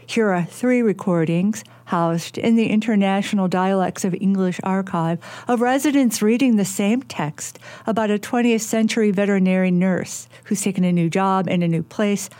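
A woman radio reporter reading a news feature in a measured, clear manner. Her voice sounds close and dry, with no room sound. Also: medium pitch, a little mellow, dry recording. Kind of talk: scripted news narration.

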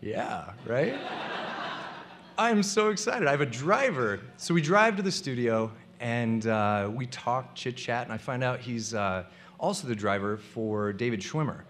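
A man's voice: medium pitch, sing-song, unhurried, fairly bright tone. A young man telling a comic personal story to a live audience, acting out the people he quotes.

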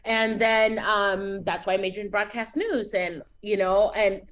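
A woman's voice: medium pitch, unhurried. A woman in her forties from Miami, with a Miami accent, chatting as a guest in an interview with lots of fillers. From Miami, United States. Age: 40s. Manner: chatty and animated, with many fillers. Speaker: TV writer, guest.

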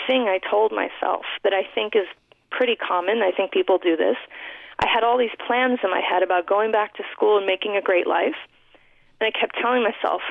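A guest author from New York City tells her life story in a radio interview, heartfelt and reflective, often restarting her sentences. Her mid-range voice has vocal fry. The recording is dry with no room sound, over a thin, phone-like line.

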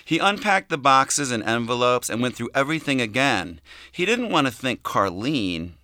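Guy reading a novel aloud, animated and bright, close mic, dead dry room. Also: medium pitch, moderate pace, no room sound. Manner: expressive, varied delivery. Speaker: audiobook narrator. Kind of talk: scripted novel narration.

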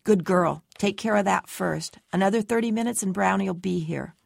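A woman's voice: medium pitch, moderate pace, gravelly, darkish tone, no room sound, clean studio sound. A woman voicing a bossy, impatient older woman who poses as a girl's grandmother. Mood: coaxing.

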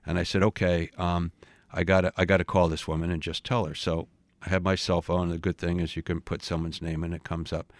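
A man's voice: low-pitched, fairly quick, dry recording. Man in his late sixties telling a story. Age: 60s. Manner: animated, stumbling restarts and repeated words. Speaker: podcast co-host. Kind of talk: casual storytelling.

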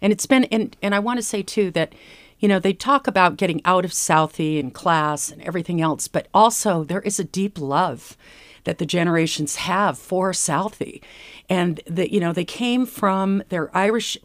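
A woman's voice: on the low side, normal speed, no room sound. A woman stage actor speaking earnestly and reflectively in an interview. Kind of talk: conversational interview.

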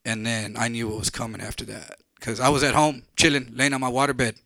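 A man's voice: medium pitch, level tone, brisk, gravelly, pushed and bright, no room sound. Blunt middle-aged man telling a story. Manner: candid, blunt, profane, conversational. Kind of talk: live stage storytelling.

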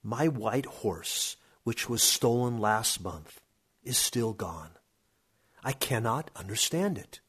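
A man's voice: mid-range voice, expressive, slow, fairly bright tone, husky, exaggerated voice. A man voicing a lonely, sad older farmer who complains mournfully.

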